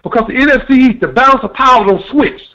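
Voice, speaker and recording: Male caller, high voice, animated, preachy; muffled phone line. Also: fast. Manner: animated, preachy, addresses the fans. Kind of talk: casual phone call-in.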